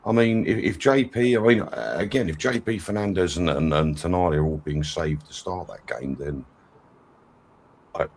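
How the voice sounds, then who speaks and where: A man appearing as a guest on a football fan livestream, talking in an animated, fired-up ranting manner. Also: low voice, normal speed. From England. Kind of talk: casual chat.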